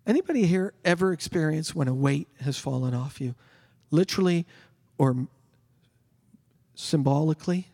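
A male pastor preaching an exuberant sermon. He bursts into yelling at times and leads the congregation in call-and-response. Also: on the high side, animated, normal speed, pauses often, breathy edge, long reverb tail. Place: church sanctuary.

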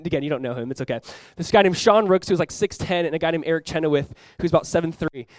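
Fast-talking high-voiced male pastor. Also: dry recording. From Southern California. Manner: fast, animated storytelling with quoted voices. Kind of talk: sermon.

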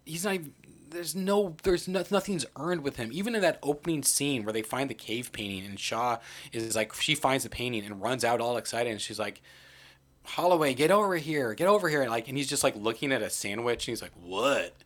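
A man co-hosting a casual movie podcast, talking animatedly with lots of fillers and acted-out quotes. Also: fairly quick. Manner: animated, many "like" fillers, acts out quotes in jumps of pitch. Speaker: podcast co-host.

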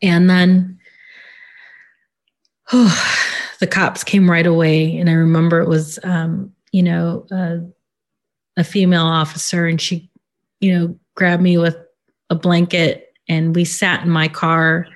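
A woman in an interview who gives a personal account in a halting, subdued way, with many pauses and fillers. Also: on the low side, flat delivery. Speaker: interview guest.

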